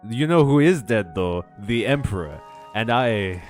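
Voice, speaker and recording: A man's voice: fairly low pitch, animated, unhurried. A man casually commenting on his gameplay, chatty and jokey, laughing often and swearing now and then. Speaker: game streamer. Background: faint game music.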